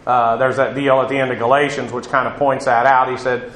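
A man's voice: medium pitch, steady tone, fairly quick, hardly any pauses, fairly bright tone, roomy sound, poor audio. A male pastor giving a conversational Bible teaching, loose and digressive with many fillers. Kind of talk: sermon.

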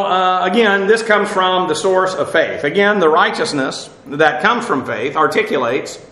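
A man teaching a verse-by-verse Bible lesson, talking off the cuff with many fillers and restarts, slowing down to explain Hebrew and Greek words. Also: high-pitched, bright, forceful tone, roomy sound, low-quality recording. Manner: explanatory, slows to spell out Hebrew and Greek terms.

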